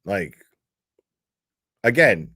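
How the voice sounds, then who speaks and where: A man's voice: lowish voice, sing-song, very slow, bright, forceful tone, husky, no echo. Profane exasperated man ranting, dry sound. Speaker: commentary streamer. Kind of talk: ranting reaction commentary reading posts aloud.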